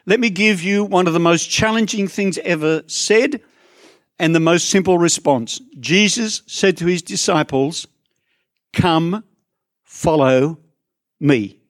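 Pastor preaching a chatty sermon. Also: male voice, high voice, unhurried, a bit bright, dry recording, clean studio sound. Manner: conversational, chatty asides to the congregation. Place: church in front of a congregation.

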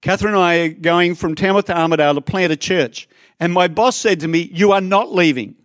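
A man's voice: high voice, steady tone, a little fast, fairly bright tone, no echo, studio quality. A man preaching a sermon to a church congregation, talking conversationally with asides to people in the room. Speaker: pastor.

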